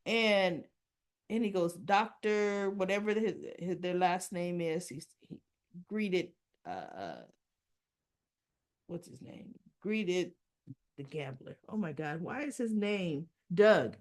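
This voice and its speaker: A woman's voice: lowish voice, animated, takes it slowly. A woman casually recapping a soap opera episode, rambling and correcting herself with chatty asides.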